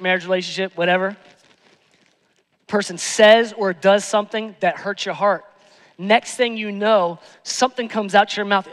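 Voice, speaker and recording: Man, pastor preaching, very high voice, repeats lines for emphasis, long church reverb. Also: a bit bright. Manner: emphatic, repeats phrases, rhetorical questions. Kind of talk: sermon. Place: church sanctuary.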